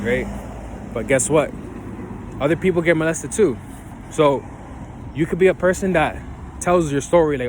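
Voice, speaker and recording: A man talks straight to the camera outdoors in a mid-pitched voice, giving loose, rambling life advice. He keeps checking in with his viewers. Faint passing cars and street noise sit in the background. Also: moderate pace, long pauses. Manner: loose and rambling, keeps asking "right?" and "you feel me?". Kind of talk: casual motivational talk to camera. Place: outdoors, ground with leaves.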